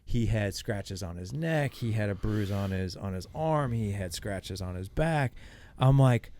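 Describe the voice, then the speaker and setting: A middle-aged man appears as a podcast guest, telling a story in a casual way. His voice is lowish and his pace measured, and he gets animated as he acts out the quoted dialogue.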